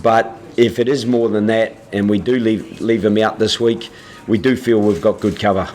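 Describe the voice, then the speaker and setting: Man, lowish voice, press-conference coach, careful and halting. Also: fairly even intonation, a little mellow. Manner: measured, halting, many restarts. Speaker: head coach.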